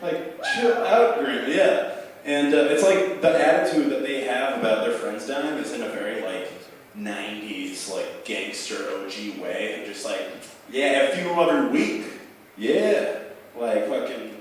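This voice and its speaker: A man's voice: mid-range voice, expressive, measured pace, slight background noise. Rambling young man doing stand-up. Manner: rambling, profane, filler-heavy. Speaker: stand-up comic. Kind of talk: open mic stand-up storytelling. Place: bar open mic room. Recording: echoey bar room heard from far off.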